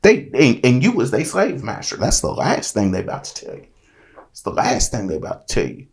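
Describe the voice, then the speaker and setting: Emphatic man with a gravelly, lively voice. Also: medium pitch, fairly quick. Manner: emphatic, repetitive, preachy. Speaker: author and commentator. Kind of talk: impassioned monologue.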